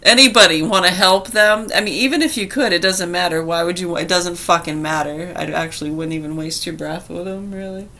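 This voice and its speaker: A woman's voice: on the low side, fairly quick, few pauses. A woman vlogging casually, telling a story in a chatty way with frequent laughter. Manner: chatty, laughing, animated retelling.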